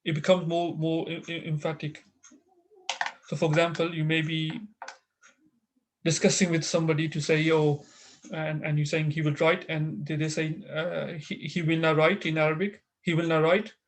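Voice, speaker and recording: A man's voice: fairly high pitch, little pitch movement, normal speed, slight background noise. Man teaching Arabic grammar online. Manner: explains patiently with many fillers and restarts. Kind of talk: online interactive class.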